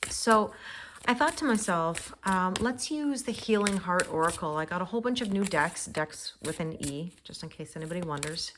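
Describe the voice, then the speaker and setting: A woman with a lowish voice talks through a weekly tarot reading in a relaxed, reflective way, laughing now and then. Cards shuffle and click clearly in the background. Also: moderate pace, noisy background. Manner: reflective, soft-spoken, laughs often. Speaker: tarot reader. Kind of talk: casual spiritual forecast.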